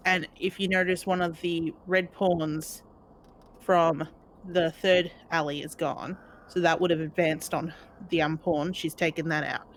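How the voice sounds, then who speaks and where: A woman's voice: low voice, flat delivery, measured pace, a little hiss or hum. A woman streaming a retro game, chatting and telling rambling stories. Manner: rambling, chatty storytelling with fillers. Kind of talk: casual chat.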